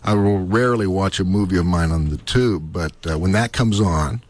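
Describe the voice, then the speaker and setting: A middle-aged actor being interviewed on the radio, telling animated stories full of laughter and acted-out quotes. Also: male voice, low-pitched, normal speed. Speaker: guest actor.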